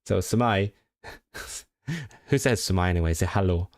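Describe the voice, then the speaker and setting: A young man with a fairly low, smooth voice works through practice sentences, repeating words and stopping to correct himself. He talks casually, switching between study and chatter, recorded close and dry with almost no room sound. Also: expressive, unhurried, no room sound. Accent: non-native Welsh learner. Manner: thinks aloud, reads Welsh sentences aloud, self-corrects and repeats words. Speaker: language learner streamer. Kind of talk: casual livestream study session.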